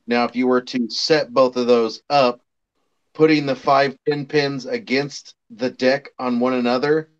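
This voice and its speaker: A man's voice: mid-range voice, steady tone, measured pace. A man explaining vaping gear in a patient, step-by-step way during a casual chat, on a dull lo-fi recording.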